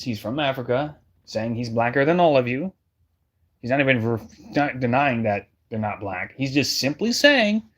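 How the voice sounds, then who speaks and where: A man's voice: a little high, fairly bright tone. A man giving heated, scornful reaction commentary as a streamer, speaking straight to his viewers. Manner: emphatic, scornful, addresses the audience directly.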